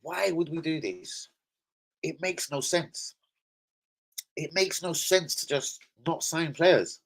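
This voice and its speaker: An angry man rants on a live stream as a football fan. He swears constantly and swings between loud outbursts and low, disgusted mutters. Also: expressive, slow, gravelly.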